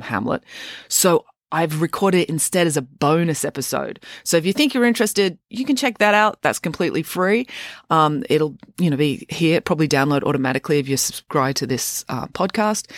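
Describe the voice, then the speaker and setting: A woman hosts her own children's story podcast, reading her book aloud in an expressive way. Her lowish voice rises and falls very freely. The recording is close and dry. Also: no echo. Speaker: children's author and podcast host.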